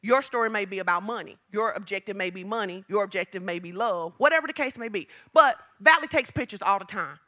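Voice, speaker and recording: A woman's voice: fast, hardly any pauses. A woman pastor preaching a sermon, telling stories and acting out quotes with big jumps in her voice. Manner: animated storytelling, acts out quotes with big pitch jumps.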